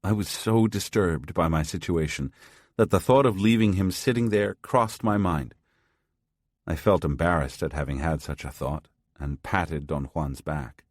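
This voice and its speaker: Male audiobook narrator, very deep voice, measured first-person storytelling, dry close sound. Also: no echo.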